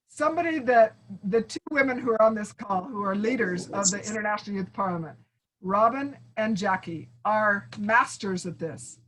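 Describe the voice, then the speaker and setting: A woman's voice: mid-range voice, normal speed, a bit bright, poor audio. A woman giving an online training talk as a speaking coach, encouraging and calling her listeners friends, acting out sample phrases. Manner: acts out sample phrases in asides. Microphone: video call.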